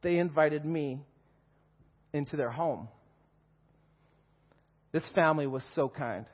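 A man in his forties tells his personal testimony to a church. He speaks with emotion and animation, laughing and swinging from hushed to loud. His voice sits high for a man, and the sound is dull and muffled. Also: slow pace. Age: 40s. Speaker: guest speaker giving testimony.

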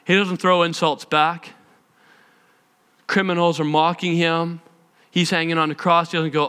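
A male preacher with a high, bright, clear voice, telling the story with animated emphasis and repetition. His sermon carries long reverb in a church hall. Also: measured pace, pauses often. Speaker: pastor.

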